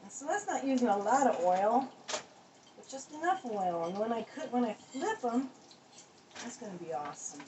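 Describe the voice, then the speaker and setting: A woman's voice: a little high, very animated, moderate pace. A woman hosting a casual cooking video, chatting playfully to the camera and to herself as she cooks. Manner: playful, chatty, talks to herself, bursts into whoops. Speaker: cooking vlog host. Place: home kitchen. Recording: echoey, distant, noisy room.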